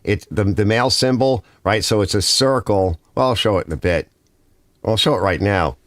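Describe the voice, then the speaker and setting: A man's voice: on the low side, normal speed, fairly bright tone, no room sound, studio quality. A man with a Northern US accent hosting a casual garage livestream, rambling and reading viewer comments aloud.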